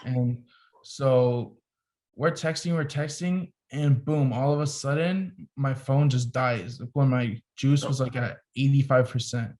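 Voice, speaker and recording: A little slow and medium-pitched, this young man, a photographer and podcast guest, relates a story in an animated, easygoing way with frequent "like" fillers.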